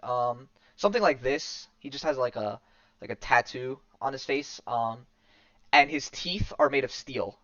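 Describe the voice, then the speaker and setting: A man's voice: mid-range voice, lively intonation, a little slow, fairly bright tone, no echo. A man casually recapping a comic on a podcast, rambling with many fillers and restarts. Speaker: podcast host. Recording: dull lo-fi dry recording.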